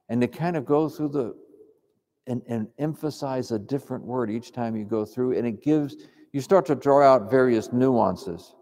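Gravelly dark-voiced guy giving a calm chatty sermon, hall echo around him. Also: mid-range voice, normal speed. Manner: calm, reflective, conversational. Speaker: preacher. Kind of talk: sermon teaching on prayer. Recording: long hall reverb.

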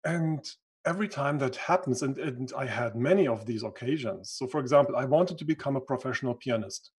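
A man speaks in a husky, slightly rough voice at a middle pitch. English is not his first language, and he pauses now and then to find a word. He tells his story as an interview guest, earnest and reflective. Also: expressive. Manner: reflective, earnest, searches for words. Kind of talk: conversational storytelling.

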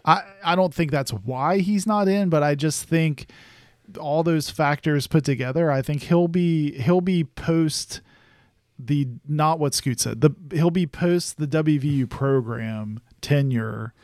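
A man's voice: fairly high pitch, a little slow, no echo, studio quality. A man co-hosting a casual sports podcast, talking in a rambling way with many fillers. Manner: rambling, full of fillers and restarts. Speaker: podcast co-host.

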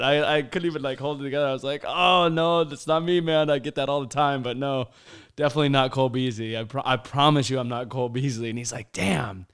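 A man, a professional baseball player guest, telling stories in an animated, laughing way during a casual chat. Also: mid-range voice, smooth.

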